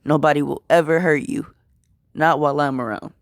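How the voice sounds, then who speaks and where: A young man speaking as a calm, confident little boy in a retold story. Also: a little high, brisk, vocal fry, no room sound, clean studio sound.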